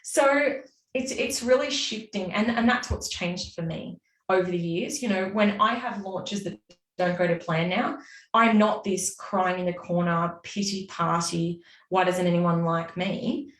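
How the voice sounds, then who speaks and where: Animated woman, roomy distant sound. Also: mid-range voice, measured pace. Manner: animated, acts out her own inner voice. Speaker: guest, business mentor. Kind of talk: casual interview chat.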